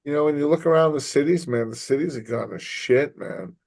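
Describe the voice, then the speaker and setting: Profane, animated New man. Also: a little high, fairly quick, vocal fry, no echo. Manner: profane, animated storyteller acting out quotes. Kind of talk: casual chat.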